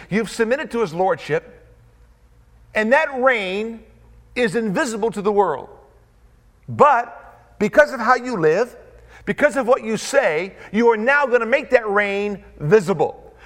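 A male pastor preaching a sermon with an emphatic, repetitive cadence and dramatic pauses. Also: high voice, a bit bright.

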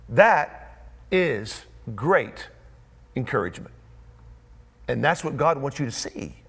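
A male preacher delivers a sermon in a high voice. He works through points with emphatic repetition and leaves dramatic pauses, and his pitch swings widely and lively throughout. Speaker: pastor.

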